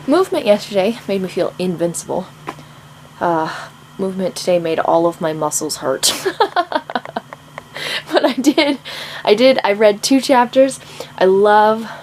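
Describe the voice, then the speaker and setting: A woman's voice: medium pitch, expressive, a little slow, long pauses, darkish tone, a little hiss or hum, rough recording. A woman writer chatting casually about her writing progress, rambling with plenty of ums and frequent laughs. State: out of breath. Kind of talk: casual chat to camera.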